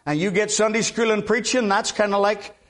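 A man's voice: sits high, steady tone, fairly quick, a bit bright. An older man from Alabama, preaching a sermon in a folksy way with repeated amens. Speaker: guest preacher.

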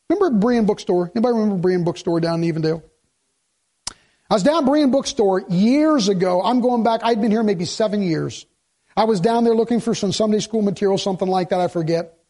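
A man's voice: high voice, quick pace, mellow. A male pastor preaching a sermon in a conversational way, asking the congregation questions and slipping in jokes.

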